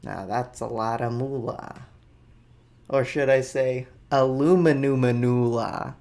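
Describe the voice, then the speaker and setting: A male podcast host who reads out headlines and riffs on each one with offhand jokes. His delivery is loose and rambling, and his voice sits in an ordinary middle pitch. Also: fairly even intonation, slow pace, creaky, a little mellow. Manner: jokey, rambling, offhand asides. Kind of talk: casual comedic news commentary.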